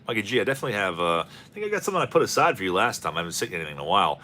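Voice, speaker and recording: A man hosts a card-opening video in a bright, forward voice, his pitch swinging widely as he jokes and rambles. He calls out each player's name as the packs go by, in a casual commentary style. His voice sits on the low side, with a faint ambient hum behind it. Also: sing-song, very fast. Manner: rambling and jokey, calling out player names. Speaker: host of a card-opening channel.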